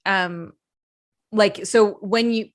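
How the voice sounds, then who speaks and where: A woman's voice: medium pitch, steady tone, very slow. A woman from Canada hosting a podcast, chatting casually and searching for words with many fillers. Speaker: podcast host. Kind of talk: casual conversation.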